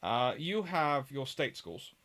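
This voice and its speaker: A man's voice: medium pitch, sing-song, slow pace, fairly bright tone. A man from England hosting a casual livestream, reading out viewer questions and answering them conversationally. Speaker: host.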